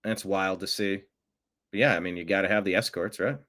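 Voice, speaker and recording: A man's voice: deep voice, fairly even intonation, a little fast, a bit bright. A man hosting a political news show, talking casually with wry, offhand remarks. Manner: wry, offhand, mocking asides. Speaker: political commentary show host.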